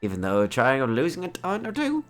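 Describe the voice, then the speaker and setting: A woman voicing a bossy older man neighbor in a game, loud, teasing and scolding. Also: rumbling low, huge pitch swings, fairly quick, soft background music, pitched above the performer's own voice, heavily acted.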